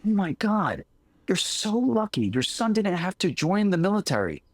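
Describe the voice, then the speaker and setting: A man voicing over-excited village neighbors in a told story, with exaggerated sing-song exclamations. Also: high-pitched, moderate pace, no room sound, pitched above the performer's own voice, exaggerated voice. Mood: gushing. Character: gossipy village neighbors, fretting and gushing.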